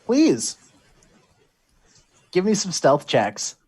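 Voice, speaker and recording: A man acting as game master in a tabletop game, describing scenes and calling for rolls in an animated way with quick restarts. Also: sits high, breathy edge.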